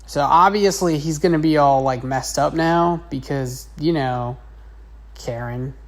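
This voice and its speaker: Slow, low-voiced woman teacher. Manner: chatty, rambling, with many fillers. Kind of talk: casual drawing lesson narration.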